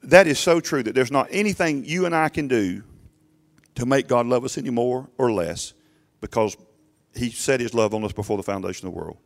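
A male pastor preaching a sermon emphatically to his congregation, often urging them to listen, his voice swelling loud and falling low. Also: expressive, brisk. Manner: emphatic preaching, rising and dropping sharply in loudness; addresses congregation directly with repeated "listen".

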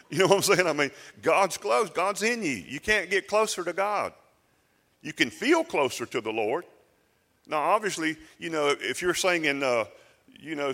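A man's voice: fairly high pitch, a bit bright. A man preaching a sermon as pastor, talking conversationally and building to emphatic declarations. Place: church sanctuary. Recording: reverberant church sanctuary.

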